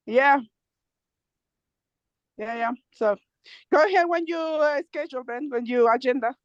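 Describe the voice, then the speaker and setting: A woman, out of breath, calling in by phone from the mountains, laughing often and talking in halting bursts. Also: high voice, dry recording. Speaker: nonprofit co-founder giving a remote update. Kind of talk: casual talk over a video call. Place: outdoors in the mountains. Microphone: phone on a video call. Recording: dull lo-fi video call audio.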